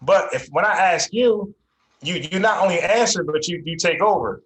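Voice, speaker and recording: A man's voice: high-pitched, normal speed, fairly bright tone, reverberant, low-quality recording. A man hosting an online debate show, firm and insistent, repeating himself to make a point. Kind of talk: heated debate.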